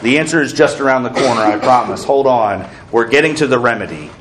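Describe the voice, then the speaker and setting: A man's voice: mid-range voice, expressive, brisk, background noise. A man preaching an earnest sermon as pastor, asking the congregation questions.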